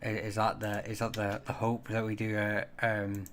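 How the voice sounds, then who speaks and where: Guy rambling on his live stream, lots of ums, kinda low voice. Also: monotone, fairly bright tone, slight background noise. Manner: rambling, halting, many fillers and restarts. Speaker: livestream host. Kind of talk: casual livestream chat with viewers.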